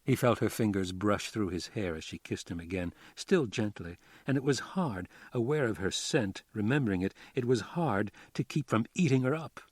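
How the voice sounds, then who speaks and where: A man narrating a crime novel in a calm, measured way. His voice sits low. The recording is dry and close, with no room sound. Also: breathy edge, no room sound. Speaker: audiobook narrator. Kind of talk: scripted narration.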